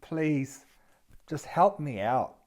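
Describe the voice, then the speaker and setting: A man's voice: on the high side, expressive, very slow, darkish tone, voice pushed up. A man voicing a person stuck at the bottom of a hole who keeps pleading to be pulled out, in a plaintive tone.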